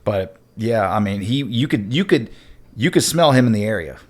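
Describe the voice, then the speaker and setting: A man's voice: on the low side, moderate pace. A man from Georgia, a military veteran guest on a podcast, trading crude stories with lots of "like" and swearing. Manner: animated, profane, repetitive "like". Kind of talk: casual chat.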